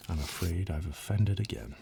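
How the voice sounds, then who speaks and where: A man's voice: low-pitched, moderate pace, a little hiss or hum. A man whispering the part of a curious, polite little girl in a bedtime storybook reading, as whispered role-play. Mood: eager. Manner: soft, breathy whisper, earnest and fretful.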